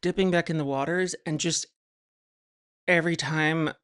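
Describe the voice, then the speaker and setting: A guest on a casual podcast interview, speaking haltingly with many restarts and wry, deadpan humor. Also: mid-range voice, smooth. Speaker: podcast guest, writer and psychotherapist.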